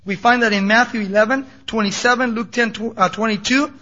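A man preaching a sermon in an animated storytelling way with casual asides. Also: high-pitched, a little fast. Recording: dull lo-fi recording.

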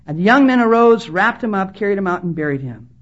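The dull, lo-fi recording catches a woman preaching fast and animated at a conference hall, her pitch medium. Passionate throughout, she performs the voices she quotes and presses the audience to listen.

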